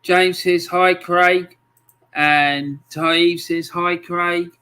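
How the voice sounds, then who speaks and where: Slow-talking bright-voiced man. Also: high-pitched, level tone, clean tone. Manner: friendly, chatty, lots of ums and greetings to viewers. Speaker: livestream host. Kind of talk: casual livestream chat, reading out viewer comments.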